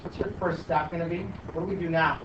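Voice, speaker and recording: A man's voice: a little high, flat delivery, fast talker. A male math teacher questioning and coaxing his students through a problem in class. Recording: echoey classroom from far off, dull, light noise.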